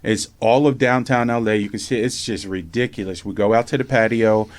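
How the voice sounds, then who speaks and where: A man telling a lively personal story in casual conversation, acting out other people's lines and swearing casually. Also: fairly low pitch, a little fast, dry recording. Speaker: podcast host and memoir author.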